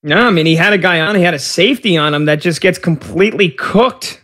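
Chatty sports-talk host, somewhat high voice. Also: male voice, a little fast, fairly bright tone. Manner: chatty, leading questions and asides. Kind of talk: casual sports talk, reacting to a live game.

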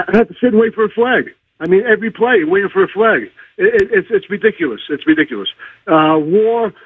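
A man's voice: high-pitched, no room sound. A man in his sixties calling in to a sports radio show, ranting in exasperation and repeating himself. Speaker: caller. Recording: husky voice over a dry tinny phone line.

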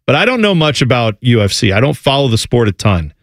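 A man hosting a sports radio show, chatting casually and playfully, quick to laugh. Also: medium pitch, very animated, dry recording, clean studio sound. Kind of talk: casual sports talk chat.

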